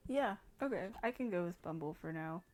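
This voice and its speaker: A woman's voice: fairly low pitch, lively intonation, brisk, a little mellow, soft background music. A young woman hosting a gaming channel, chatting casually over gameplay, rambling with many fillers and restarts.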